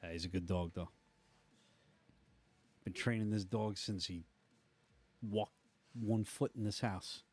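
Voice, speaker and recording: Low-voiced laid-back middle-aged man. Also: steady tone, slow pace, pauses often, a little mellow, husky. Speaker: podcast co-host. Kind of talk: casual chat.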